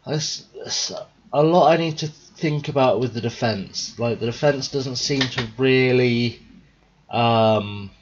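Tired, husky young man. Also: medium pitch, slow, highs cut off. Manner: rambling, thinking out loud. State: tired, yawning. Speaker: gaming video host. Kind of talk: casual let's-play commentary.

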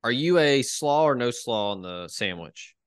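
A man's voice: medium pitch, expressive, measured pace, clear, resonant tone, no room sound, studio quality. A man hosting a casual sports podcast, agreeing along and steering the talk to the next topic. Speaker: podcast host.

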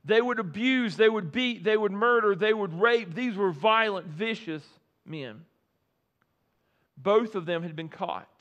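Slow, high-voiced male preacher. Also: fairly bright tone, dull audio. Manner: slow, deliberate preaching with repeated phrases and dramatic pauses. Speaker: pastor. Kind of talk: sermon.

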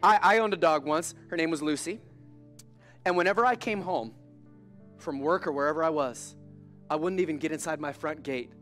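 High-voiced animated male preacher. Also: normal speed, pauses often, faint music behind. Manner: animated, conversational, joking preacher. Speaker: pastor. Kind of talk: sermon. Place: church service.

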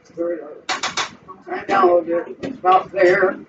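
With a sing-song lilt and a lowish voice, a cooking channel host talks to her audience at a moderate pace as she prepares food in her home kitchen. The recording is noisy, muffled, and distant.

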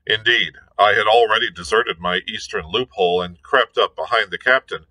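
A male librarian reading a classic novel aloud in a measured storytelling manner. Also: on the low side, bright, forceful tone, poor audio. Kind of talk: read-aloud narration.

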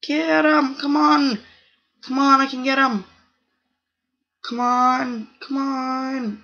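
A bright, high voice commentates live gameplay at an unhurried pace, breaking into excited repeated cries and "oh my goodness" exclamations. The sound is dull and lo-fi, like a cheap home setup. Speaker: gaming channel host.

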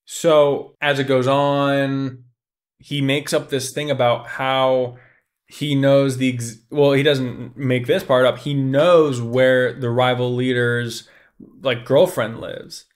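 A young man hosting a podcast, talking excitedly and casually about a book, animated and swearing freely. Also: mid-range voice, slow pace. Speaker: podcast host.

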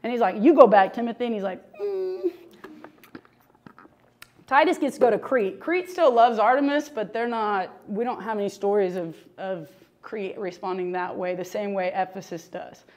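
A woman's voice: mid-range voice, moderate pace. A woman teaching a humorous, chatty Bible lesson, joking and laughing often.

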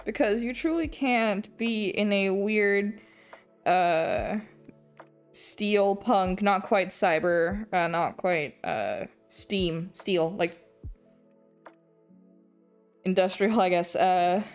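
A woman's voice: lowish voice, takes it slowly, long pauses, faint music behind. Rambling English woman chatting while drawing. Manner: rambling, trails off and restarts, laughs often, swears casually. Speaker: art streamer. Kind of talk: casual chat while drawing.

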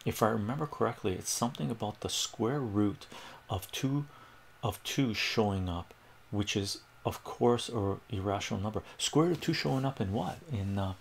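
A man with a low, gravelly voice talks casually on a livestream. He rambles through a story and chats with his viewers in an easygoing, conversational way, with a faint hiss behind him. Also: normal speed. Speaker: livestream math tutor.

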